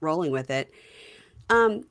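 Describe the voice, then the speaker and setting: A chatty woman hosts a podcast, recapping a reality show in a loose, conversational way. Her voice sits a little on the low side, and she retells scenes with lively energy. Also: a little slow. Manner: chatty, animated retelling with quoted lines. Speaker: podcast host. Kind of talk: casual recap chat.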